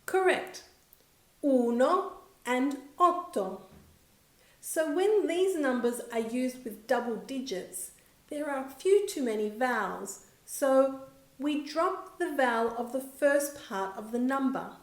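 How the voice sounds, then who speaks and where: A woman teaching a scripted grammar lesson, stating example words slowly and clearly with careful enunciation. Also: sits high, lively intonation. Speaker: language teacher. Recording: roomy echo.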